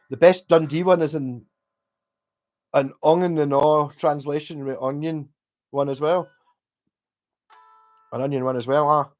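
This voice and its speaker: A man's voice: a little high, a little mellow. A Scottish man hosting a livestream, chatting casually in a rambling way with restarts and the odd swear. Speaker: livestream host.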